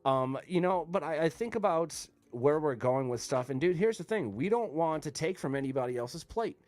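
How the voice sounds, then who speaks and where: A man's voice: fairly high pitch, expressive, moderate pace, a little mellow. Blunt, profane man chatting casually. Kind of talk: casual chat.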